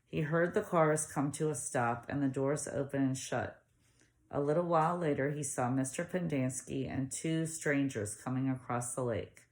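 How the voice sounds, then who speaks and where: A woman narrating a novel aloud in a steady storytelling manner. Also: rumbling low, normal speed. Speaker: audiobook reader. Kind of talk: audiobook narration.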